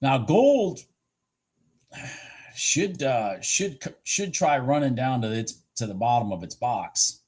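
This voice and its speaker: A man giving excited live commentary on futures trades, exclaiming and repeating himself, with a husky voice. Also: mid-range voice, slow pace.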